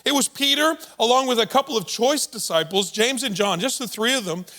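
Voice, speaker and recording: Bright-voiced, high-pitched male pastor. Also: brisk. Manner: conversational storytelling, playful asides. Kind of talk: sermon.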